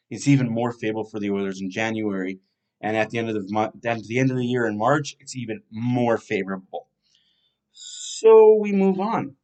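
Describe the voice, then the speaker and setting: A man's voice: mid-range voice, darkish tone. A man hosting a fan podcast, casually previewing a hockey team's schedule and thinking aloud as he talks.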